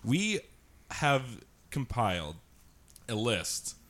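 A man's voice: medium pitch, big pitch swings, extremely slow, a bit bright. A man hosting a podcast, joking and giggling through casual banter. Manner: jokey, giggly. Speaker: podcast host.

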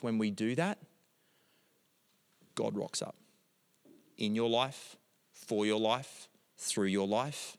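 A man's voice: fairly low pitch, takes it slowly, gravelly, long pauses, long reverb tail. A middle-aged man, a pastor telling a family story in a sermon and moving into emphatic prayer.

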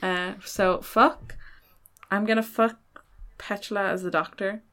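A woman co-hosts a comedy podcast in easygoing, unscripted chat. Her banter is playful and crude, with a middling pitch for a woman. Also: fairly even intonation, a little slow, very noisy. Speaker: podcast co-host.

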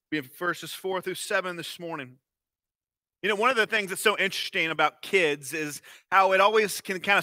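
A man's voice: a little high, bright, forceful tone, no room sound. A man in his thirties preaching a sermon as pastor, telling stories expressively with fillers and restarts.

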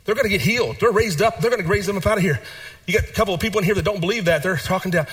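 A man preaching a sermon as pastor, repeating phrases and moving between hushed and animated delivery. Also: high-pitched, very fast, slightly rough.

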